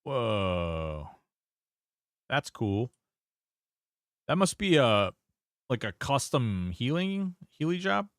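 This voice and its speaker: A man's voice: medium pitch, sing-song, extremely slow, pauses often, a bit bright, clean tone, no echo, clean studio sound. A man streaming a game, chatting casually, reading chat aloud and swearing now and then. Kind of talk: casual gameplay commentary.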